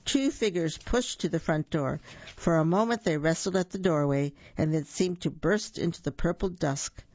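Gravelly storyteller reading to children. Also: medium pitch, moderate pace, dry recording, lo-fi sound. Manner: warm asides to young listeners.

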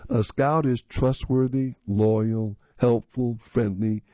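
A man's voice: medium pitch, steady tone, slow pace, dark tone, dry recording, lo-fi sound, close to an everyday voice. A man voicing an obnoxious teenage boy, a cocky older cousin with a nasally, taunting voice, in a storybook reading. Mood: smug taunting.

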